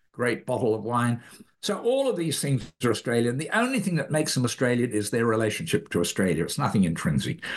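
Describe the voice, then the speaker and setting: A man being interviewed as an author, explaining ideas thoughtfully, pausing and correcting himself often. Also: medium pitch. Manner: thoughtful, halting, self-correcting. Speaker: author guest. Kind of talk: academic interview answer.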